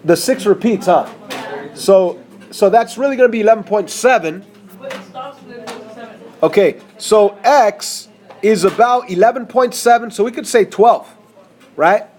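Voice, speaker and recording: High-voiced man teaching math. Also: unhurried, pauses often, darkish tone. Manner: conversational, checks in with students. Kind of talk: whiteboard math lesson.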